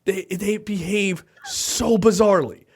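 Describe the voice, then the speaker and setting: A man co-hosting a podcast in casual movie review chat, animated and laughing, acting out lines from the film. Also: high-pitched, unhurried, creaky, husky. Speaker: podcast co-host.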